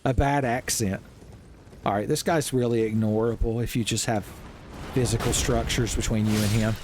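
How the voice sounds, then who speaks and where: A young man riffs through his gameplay commentary, joking and swearing as he goes. His voice is of middling pitch, with faint game sounds in the background. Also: moderate pace, background noise. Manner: joking, swearing, animated asides. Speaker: gaming channel host. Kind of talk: let's-play commentary.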